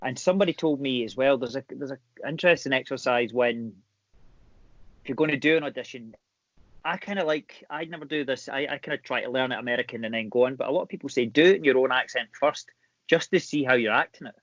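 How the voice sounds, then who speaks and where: A Scottish man talks easily and candidly as a podcast guest, quick to laugh. He is heard over a video call from his home, so his voice sits in a dry space with a dull, muffled band. His pitch is in an ordinary middle range. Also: a bit bright, no room sound. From Scotland. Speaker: guest actor. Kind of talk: casual podcast interview.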